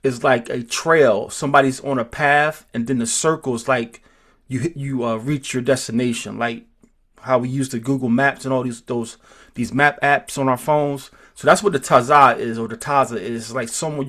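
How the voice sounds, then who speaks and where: A man teaching an informal group class, talking slowly and thinking aloud, with many restarts and repeated words. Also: medium pitch, fairly even intonation, fairly bright tone. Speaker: teacher of a Hebrew roots class.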